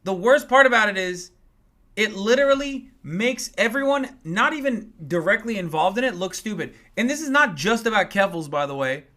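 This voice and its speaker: A man in his thirties, a political commentator and Twitch streamer, delivers a livestream rant, lashing out angrily and profanely at his critics. His voice sits high and sounds pushed and bright, with lively intonation at a moderate pace, as he mocks critics in exaggerated, sarcastic put-on voices.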